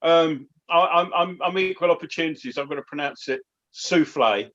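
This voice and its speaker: On a relaxed football chat, a male panel guest shares anecdotes with a chuckle, stammering and restarting his sentences. His voice is fairly high and fairly bright, at a moderate pace, over slightly dull remote call audio.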